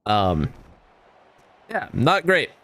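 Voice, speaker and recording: A man's voice: medium pitch, sing-song, extremely slow, a bit bright. A man giving casual gameplay commentary, swearing and ranting at the game with exasperation. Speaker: gaming YouTuber.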